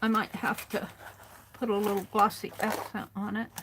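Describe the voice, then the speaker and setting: A woman's voice: mid-range voice, little pitch movement, a bit bright, slight background noise. A woman hosting a casual crafting livestream, talking to herself as she works and drifting from the mic now and then. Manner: unhurried, muttering to herself while working.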